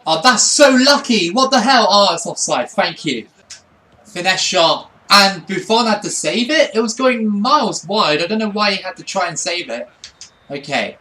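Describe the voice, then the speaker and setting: A man giving excitable play-by-play commentary over his own football video game, swinging between quiet asides and shouts. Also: high-pitched, normal speed. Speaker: gaming channel host.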